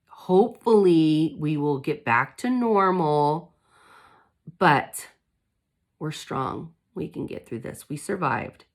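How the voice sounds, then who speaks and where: A woman vlogger talking candidly to her viewers, emotional and determined as she recovers from illness. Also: low voice. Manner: candid, emotional, fighting spirit. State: recovering from covid. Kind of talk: casual chat to camera.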